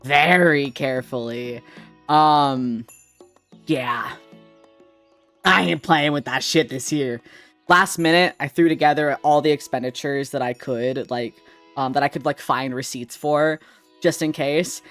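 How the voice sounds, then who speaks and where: Unhurried, laughing male streamer. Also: on the high side, fairly bright tone, soft background music. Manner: rambling, laughing often, swearing. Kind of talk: casual live-stream chat.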